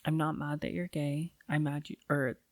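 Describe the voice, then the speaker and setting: A woman's voice: low-pitched, little pitch movement, moderate pace, no echo. A young woman co-hosting a podcast in casual chat, throwing in dry, teasing remarks. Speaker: podcast co-host.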